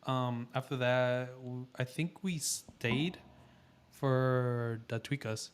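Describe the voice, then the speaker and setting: A man's voice: medium pitch, takes it slowly, clear, resonant tone. A young man from New York swaps stories on a casual podcast, his voice sitting in an ordinary middle range. He talks in a loose, profane rush and keeps acting out what he and other people said. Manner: profane, animated storytelling full of quoted dialogue. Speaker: podcast co-host. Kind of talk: casual chat.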